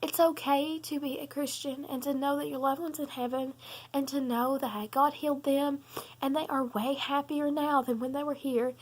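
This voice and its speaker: A young woman, talking in an earnest, halting vlog while tearful and sobbing, with many pauses and ums. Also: high-pitched. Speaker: vlogger. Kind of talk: personal confessional vlog.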